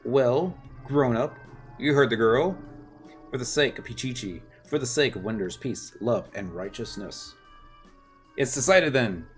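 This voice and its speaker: A man voicing a bossy boy who leads a children's gang in a game, with a loud, proclaiming, sing-song delivery. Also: medium pitch, animated, measured pace, faint music behind, close to an everyday voice.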